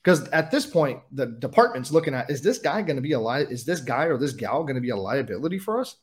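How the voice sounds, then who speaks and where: A man who used to be a highway patrol officer, a guest in a casual interview, from California, telling stories bluntly and with plenty of swearing. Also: very animated. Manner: fast, blunt, profane storytelling.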